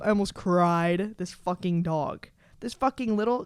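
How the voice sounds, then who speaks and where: A woman's voice: mid-range voice, moderate pace, darkish tone, smooth, no echo, studio quality. A woman in her twenties, a podcast host telling casual stories in a chatty, profane way, full of fillers and restarts. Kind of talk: casual storytelling chat.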